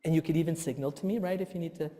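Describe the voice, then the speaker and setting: A man in his thirties giving a workshop talk, telling stories with animated acted-out outbursts. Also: a little high, rapid-fire. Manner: animated storytelling, acts out his own outbursts. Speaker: workshop presenter. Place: church hall. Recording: long reverb in a hall.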